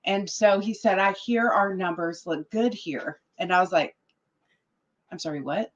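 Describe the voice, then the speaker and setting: A woman guest telling a story in a casual interview, animated and quoting others as she goes. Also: mid-range voice, moderate pace, dull audio. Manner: animated, quotes other people in their voices. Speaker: political guest.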